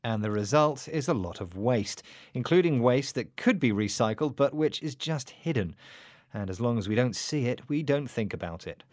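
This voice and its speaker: A man hosts a scripted English lesson in a clear, lively teacher's manner. He is recorded close and dry in a studio, with no room sound around him. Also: mid-range voice, moderate pace, dry recording. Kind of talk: scripted radio lesson chat.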